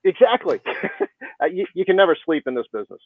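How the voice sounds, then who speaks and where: A man's voice: sits high, big pitch swings, fast, vocal fry, dry recording. A man guest on a podcast, chatting in a self-deprecating way about his work and comedy over a video call. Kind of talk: casual interview chat. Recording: tinny, dry phone-like line.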